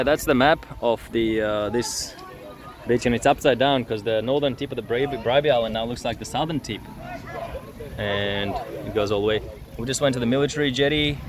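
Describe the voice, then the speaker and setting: A man, filming a relaxed travel vlog outdoors on a beach with a handheld phone, chatting and swearing mildly. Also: mid-range voice, moderate pace. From Uzbekistan. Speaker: vlogger touring with his father. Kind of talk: casual travel vlog narration. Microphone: handheld phone camera. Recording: noisy outdoor phone recording.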